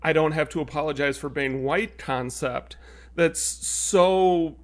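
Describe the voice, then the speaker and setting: A man's voice: fairly high pitch, slow pace. A man co-hosting a podcast in casual chat, earnest and stopping to restart his thoughts. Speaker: podcast co-host.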